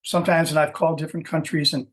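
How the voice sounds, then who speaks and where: This middle-aged man breeds dogs and is sharing his story on a podcast in a loose, casual interview. He rambles, restarts sentences often, and keeps adding "you know," speaking at a racing clip in a fairly high, level voice.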